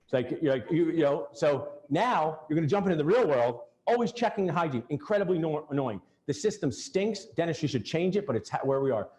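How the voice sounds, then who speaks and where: Animated and a little fast with few pauses, this man's voice sits on the high side with a slightly mellow quality. He's a dental practice coach at a live seminar, joking and speaking directly to attendees in an event room with roomy echo.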